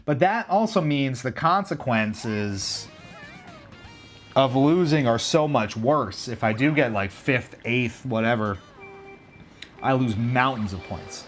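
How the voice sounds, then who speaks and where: A man's voice: mid-range voice, slow pace, soft background music. Chatty man streaming a kart game. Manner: chatty, rambling, talks to chat. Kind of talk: casual livestream gaming commentary.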